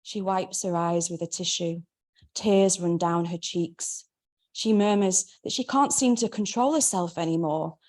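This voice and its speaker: A woman, reading her memoir aloud in a wry, measured way. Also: lowish voice, darkish tone. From Manchester, England. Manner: wry, measured first-person narration. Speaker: memoir author.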